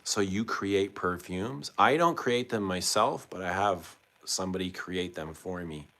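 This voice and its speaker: Low-voiced male streamer, relaxed and chatty, quizzing his viewers. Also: measured pace. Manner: chatty, asks viewers questions. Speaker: livestream host. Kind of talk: casual livestream chat reading comments.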